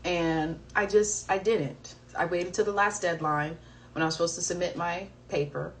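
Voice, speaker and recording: A woman's voice: fairly low pitch, steady tone, normal speed, recorded from a distance, a little hiss or hum, rough recording. A young woman in her twenties on a livestream, telling a school story in a chatty, self-mocking way. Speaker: livestream co-host. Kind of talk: casual chat, storytelling. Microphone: phone livestream. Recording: voice set back from the phone mic.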